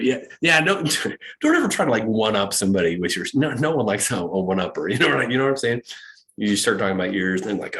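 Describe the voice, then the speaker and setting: A middle-aged American man giving a casual, animated talk to students as a guest speaker. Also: lowish voice, brisk. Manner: playful, animated storyteller.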